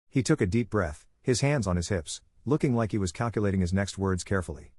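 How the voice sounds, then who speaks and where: Husky low-voiced male story narrator. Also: lively intonation, quick pace, few pauses, darkish tone, dry recording, clean studio sound. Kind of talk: scripted first-person story narration.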